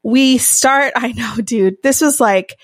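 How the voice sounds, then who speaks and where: A woman's voice: on the high side, slow pace, no room sound, clean studio sound. A young adult woman co-hosting a podcast, telling a wild story in casual chat, swearing freely and laughing often. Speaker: podcast co-host.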